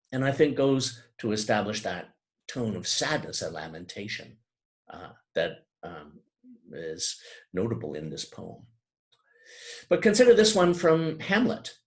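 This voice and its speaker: A man giving a thoughtful lecture on poetry, slowing down and turning grave whenever he reads lines of verse aloud. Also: on the low side.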